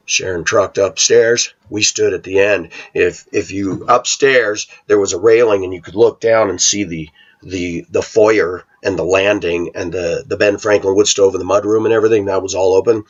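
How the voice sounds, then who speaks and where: A man recounting a childhood story in a casual monologue, animated and acting out the voices of others. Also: low voice, moderate pace, breathy edge. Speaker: vlogger. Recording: dull lo-fi home recording.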